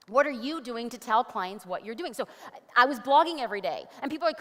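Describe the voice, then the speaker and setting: A woman giving an energetic conference presentation on stage, upbeat and animated, with quick jokey asides. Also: fairly high pitch. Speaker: conference speaker. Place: large conference hall. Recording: long hall reverb.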